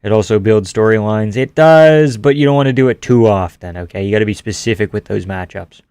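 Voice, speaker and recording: A man's voice: fairly low pitch, fairly quick, a little mellow, clear, resonant tone, no echo. Man, livestream host, rambling, swearing, dry sound. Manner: rambling, swears, reads chat aloud. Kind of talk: casual livestream chat reading comments.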